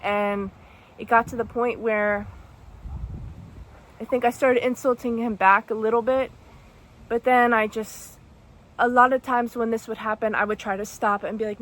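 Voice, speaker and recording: Young woman vlogger, higher voice, soft-spoken and halting storytime delivery. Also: fairly even intonation. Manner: halting, emotional, soft-spoken with many restarts. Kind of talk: storytime monologue.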